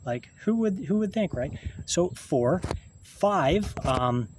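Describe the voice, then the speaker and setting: A man, talking in a halting, rambling monologue to camera, full of restarts and swearing. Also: fairly high pitch, expressive, noisy background. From Canada.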